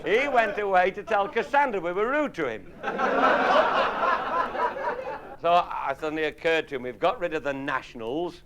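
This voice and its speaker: A man's voice: sits high, expressive, fairly quick. A man telling earthy, swearing comic stories to a live audience. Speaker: after-dinner raconteur. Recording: noisy 1969 live recording. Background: audience laughter.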